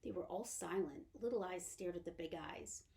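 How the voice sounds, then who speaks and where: A woman's voice: on the low side, moderate pace, vocal fry, dark tone. A woman reading a children's novel aloud as a library storyteller. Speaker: librarian reader.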